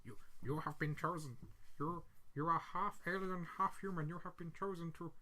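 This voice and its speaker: A woman putting on a solemn alien voice making quiet, portentous pronouncements. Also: lowish voice, moderate pace, a little hiss or hum, poor audio.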